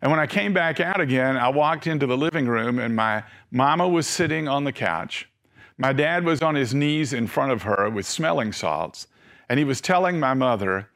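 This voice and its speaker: A middle-aged male preacher delivering a sermon, telling stories and slowing down and softening at emotional moments. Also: medium pitch, expressive. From Tennessee.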